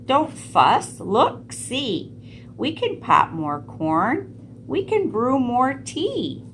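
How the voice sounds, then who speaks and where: A woman's voice: big pitch swings, very slow, fairly bright tone, slight background noise, heavily acted. A woman voicing a small, kind mouse who soothes a sad bear, in a storybook reading. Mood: soothing. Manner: squeaky, reassuring.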